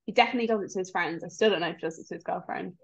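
A woman's voice: on the low side, vocal fry. A woman co-hosting a casual podcast who teases and jokes easily. Her voice comes through a slightly dull, lo-fi recording. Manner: teasing, quick to joke and exclaim. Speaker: podcast co-host. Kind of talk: casual chat.

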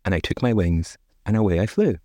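A man's voice: low-pitched, fairly quick, mellow, dry recording, clean studio sound. A man reading the chanted rhyme of a small magic dove in a fairy tale, in a sing-song, rhythmic way. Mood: chanting.

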